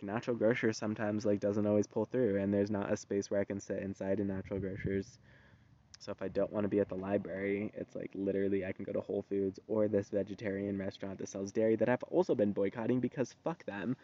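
A man's voice: on the low side, dark tone. A man ranting in a casual monologue, heated and slangy, swearing freely. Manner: profane, heated, loose and slangy. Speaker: vlogger. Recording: dull lo-fi recording.

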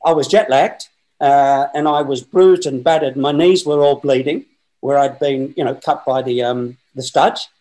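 An Australian man in his sixties, a guest telling a lively, rambling story with many fillers. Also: medium pitch, normal speed, low-quality recording. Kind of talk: storytelling anecdote.

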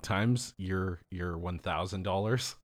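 A man's voice: low voice, takes it slowly, no room sound, studio quality. A man from Los Angeles in loose, profane casual chat, rambling and laughing often.

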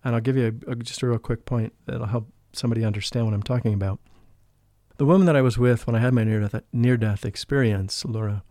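A man who works as a spiritual life coach tells an emotional, earnest story from his own spiritual life as a podcast guest, dropping to a whisper-like hush whenever he quotes someone. He talks fast in a steady, mid-range voice, recorded in studio quality without room sound.

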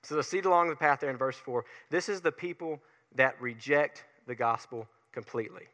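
A man with a Southern US accent preaching a sermon in an energetic, folksy way, picking up speed as he gets fired up. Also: mid-range voice, brisk, long reverb tail. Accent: Southern US, Alabama Gulf Coast. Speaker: pastor.

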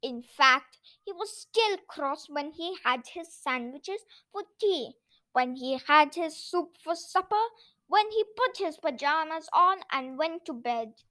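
A woman hosting a children's bedtime story show, reading aloud in a gentle, expressive storybook manner. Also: high-pitched, slow pace, no echo. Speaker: storyteller host.

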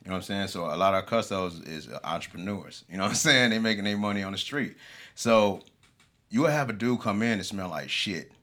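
Animated man with street slang. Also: fairly low pitch, a little fast. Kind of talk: casual chat.

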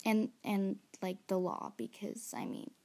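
Young female vlogger, chatty and rambling, unhurried delivery, nervous and excited. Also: medium pitch. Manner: chatty and rambling, with frequent fillers and laughs. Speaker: aspiring singer-songwriter. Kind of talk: casual vlog chat.

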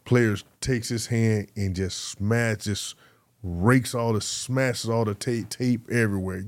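A former pro football player, appearing as an interview guest, tells stories in a lowish voice at a slow pace in a dry recording. He's an animated storyteller, acting out the voices of the people he quotes in the casual conversation.

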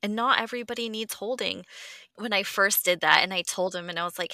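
A woman's voice: mid-range voice, a little fast, bright, forceful tone, no echo. A woman hosting a podcast, talking earnestly and reflectively, swearing freely and sometimes dropping to a near whisper. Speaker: podcast host. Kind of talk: candid conversational chat.

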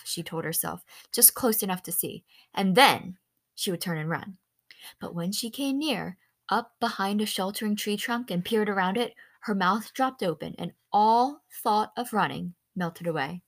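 A woman reads a children's novel aloud with lively expression and an average-pitched voice. She stops here and there to explain a word to her listener in a quick aside, and fixes small slips without fuss. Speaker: read-aloud storyteller.

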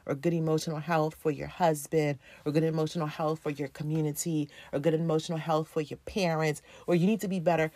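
A woman giving an earnest devotional talk to women, encouraging and repetitive, slowing down to stress her points. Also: low-pitched, darkish tone, no echo. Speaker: Christian women's speaker.

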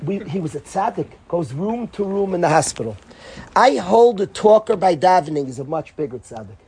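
A man, a rabbi and educator, giving an informal Torah talk as an animated storyteller who acts out dialogue. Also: high-pitched, a little fast, creaky, a little hiss or hum.

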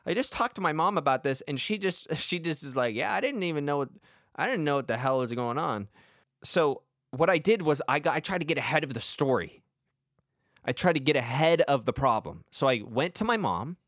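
A man's voice: fairly high pitch, expressive, fairly quick, fairly bright tone, no echo, clean studio sound. A young man telling a rambling, self-mocking comic story about his childhood. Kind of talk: comedic personal story.

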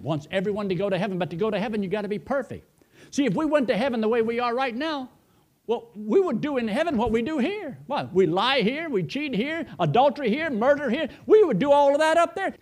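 A man preaching a sermon as a pastor, swinging his emphasis hard from soft asides to loud declarations. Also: sits high.

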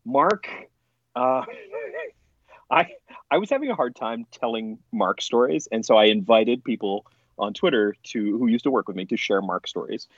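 A man's voice: medium pitch, normal speed, no echo, dull audio. A man telling funny stories in a casual podcast chat, laughing often. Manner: animated, laughing storyteller. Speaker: podcast guest.

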